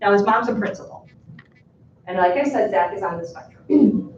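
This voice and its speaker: A woman teacher giving a talk to fellow educators, telling classroom stories in a lively way and acting out the dialogue. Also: mid-range voice, normal speed, far from the mic, slight background noise. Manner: lively storytelling that acts out dialogue. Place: school presentation room. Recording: echoey room, voice from afar, muffled sound.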